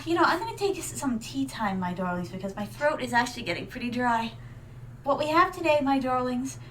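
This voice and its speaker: A woman's voice: fairly high pitch, a little hiss or hum. A woman streamer reacting live in a theatrical, regal manner, calling her viewers "my darlings" and dropping Japanese fillers. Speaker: vtuber streamer.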